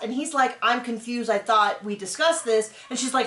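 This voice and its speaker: Animated woman recapping in an echoey room. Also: fairly high pitch, moderate pace. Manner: animated, acts out quotes in voices. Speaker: host recapping a reality show. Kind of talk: casual commentary.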